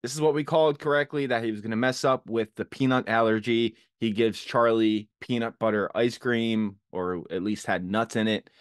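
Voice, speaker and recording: A man hosting a casual podcast, recapping a TV episode with animated retelling and acted-out quotes. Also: mid-range voice, normal speed, few pauses, clear, resonant tone, no echo, clean studio sound. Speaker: podcast host recapping a TV show.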